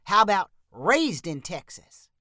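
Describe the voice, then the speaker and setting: A man's voice: sits high, big pitch swings, unhurried, bright, forceful tone, no echo, clean studio sound, heavily acted. Woman voicing an eager Texan truck guy. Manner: enthusiastic, chatty. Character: eager young male truck owner who loves Texas.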